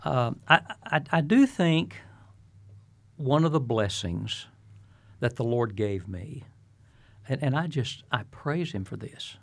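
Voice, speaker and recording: A man's voice: mid-range voice, expressive, takes it slowly, gravelly, pauses often. An older man, a retired pastor, talking earnestly in a preacherly way as an interview guest. He often repeats his first words before finishing a thought. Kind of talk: reflective interview talk.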